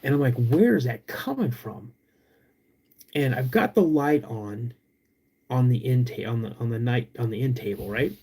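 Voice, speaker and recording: A young man with a drawl tells a story on his podcast. He stretches out the tense moments, then jumps into sudden loud bursts as he relives what he saw. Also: medium pitch, moderate pace. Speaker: podcast host.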